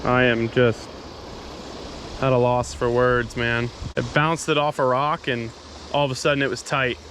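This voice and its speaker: A young man giving excited, breathless running commentary as he fights a fish by a river outdoors. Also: mid-range voice, unhurried, a little hiss or hum, poor audio. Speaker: fishing vlogger. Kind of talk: live fishing commentary.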